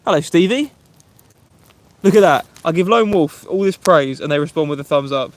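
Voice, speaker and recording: A friendly young man with an Essex English accent talks casually on a live stream, greeting viewers by name. His voice sits a touch high for a man. He speaks outdoors from a woodland campsite. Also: animated, moderate pace. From England. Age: 20s. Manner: chatty, friendly, reads viewer names aloud. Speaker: vlogger. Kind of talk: live-stream chat, reading comments.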